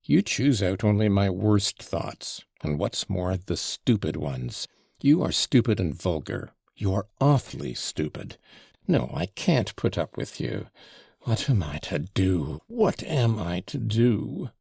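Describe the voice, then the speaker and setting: A tormented young man worn down by scorn, read by a man narrating an audiobook. The voice sits low and deep, and a heavy gravel runs through his clipped, bitter retorts. It is recorded dry, with no room around it. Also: big pitch swings, slow pace, a little mellow, no echo, heavily acted. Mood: scornful. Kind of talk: audiobook character reading.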